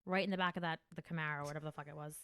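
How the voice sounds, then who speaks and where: Woman comic from Jersey, lowish voice, dry close mic, rambling and profane. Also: rapid-fire, smooth, dry recording. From New Jersey. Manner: profane, rambling, animated storytelling. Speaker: comedian podcast host. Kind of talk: casual podcast chat.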